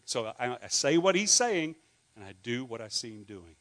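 A middle-aged Scottish pastor preaches in a conversational way, putting questions to the congregation and dropping in jokes. His mid-range voice is sing-song and fairly bright, and he speaks fairly quickly.

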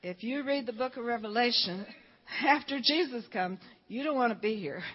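A woman's voice: a little high, normal speed, husky. An older woman from Georgia, telling a fervent story-filled testimony at church. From Georgia, USA. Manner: storytelling, fervent, quotes people in dialogue. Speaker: church speaker giving testimony. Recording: dull lo-fi recording.

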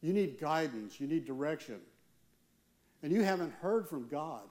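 A man, a church elder, preaching a sermon with earnest, slow, emphatic pauses. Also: a little high, expressive, a little mellow.

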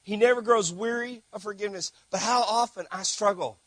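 A middle-aged man preaching with a high, bright voice, with a tone that sits above most men's. He tells his stories animatedly, dropping to hushed asides and then rising to shouts. The sound is dry and close, with almost no room echo. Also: a little fast, few pauses, breathy edge. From Texas. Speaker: missionary preacher. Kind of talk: sermon.

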